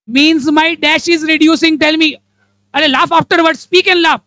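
A woman's voice: high voice, fairly even intonation, fairly bright tone, no echo, low-quality recording. A woman with an Indian English accent teaching a live class, quizzing students and playfully acting out examples. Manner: playful, acts out examples in character voices; quizzing the class with rapid questions.

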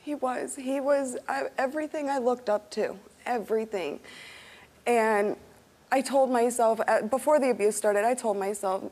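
A young woman with a fairly high voice answers questions in a studio interview. She speaks haltingly and emotionally, breaking off and restarting her sentences. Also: darkish tone. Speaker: talk show guest.

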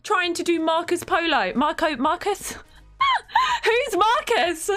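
A woman's voice: very high voice, wildly swooping pitch, slow pace, bright, forceful tone, faint music behind. A woman streaming a game, talking casually, laughing often and bursting into dramatic exclamations. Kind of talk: casual live-stream gameplay commentary.

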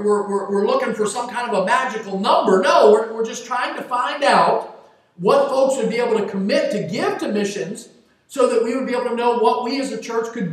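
A man, a pastor, preaching a sermon and slowing down to stress key scripture phrases. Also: extremely high pitch, fairly bright tone. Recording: very echoey, distant mic.

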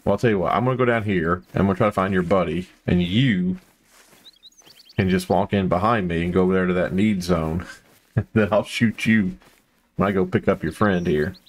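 A man with a low voice talks his way through a hunting video game. He rambles with plenty of fillers, then breaks into excited outbursts at each find. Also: normal speed. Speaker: gameplay commentator. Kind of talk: casual gameplay commentary.

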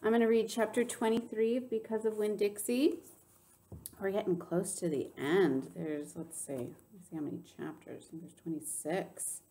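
A woman's voice: medium pitch, normal speed, slight background noise. A woman teacher talking to her class before reading a chapter book aloud. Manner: lively, animated reading voice.

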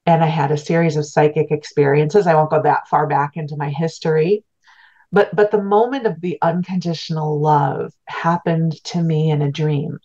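A woman's voice: low-pitched, steady tone, moderate pace, dark tone, muffled recording. A middle-aged woman telling a personal story as an interview guest, earnest, heartfelt and reflective. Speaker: guest, spiritual teacher.

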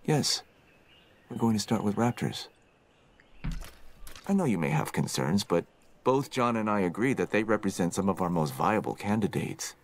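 An actor playing a calm, businesslike male lead geneticist in a video game, with a measured, even delivery. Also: lowish voice. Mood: composed. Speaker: game character. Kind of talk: scripted video game dialogue.

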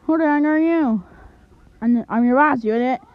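A woman plays a hot-headed male newspaper boss who barks insults and loses patience, in a fan cartoon. The voice is slightly high and sounds thin and phone-like. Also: moderate pace, no echo, lightly acted. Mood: scolding. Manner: barking, insulting, impatient. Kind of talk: fan animation voice acting. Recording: tinny lo-fi home recording.

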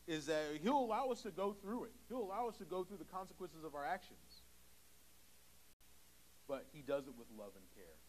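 A man's voice: a little high, low-quality recording. A young man preaching a sermon in a church, talking casually and acting out short quoted exchanges. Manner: conversational, acts out little quoted dialogues. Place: church sanctuary.

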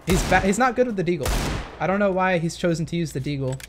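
A man's voice: high-pitched, expressive, fast, background noise. A young man casually commenting on gameplay footage, thinking aloud and hesitating with many fillers. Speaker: gaming commentator.

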